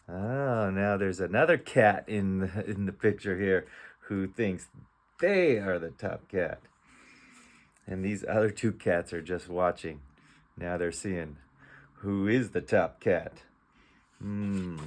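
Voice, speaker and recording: A man's voice: lowish voice, big pitch swings, slow. A man teaching reading. He sounds out letters one at a time and then blends them into words. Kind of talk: slow phonics read-aloud lesson.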